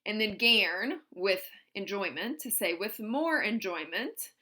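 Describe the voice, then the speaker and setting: A woman's voice: medium pitch, animated, slow pace, bright, forceful tone. A woman teaching a German grammar lesson in English, patiently explaining step by step with examples.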